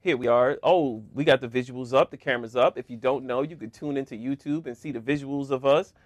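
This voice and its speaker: A man's voice: medium pitch, a little fast, no room sound. Male podcast co-host, casual and jokey, laughs a lot, close dry mic. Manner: laughs often, animated and joking. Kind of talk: casual chat.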